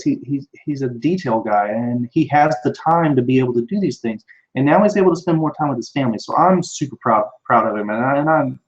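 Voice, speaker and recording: A man's voice: medium pitch, muffled recording. Rambling man on a live stream. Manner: rambling, with frequent restarts and fillers. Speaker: live show host answering viewer questions. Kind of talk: casual live-stream chat. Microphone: computer microphone.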